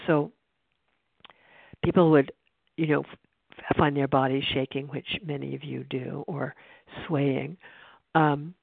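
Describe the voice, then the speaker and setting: A meditation teacher giving a spiritual talk in an unhurried, reflective way, with frequent restarts, over a tinny phone-like line. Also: mid-range voice, dry recording. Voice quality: creaky.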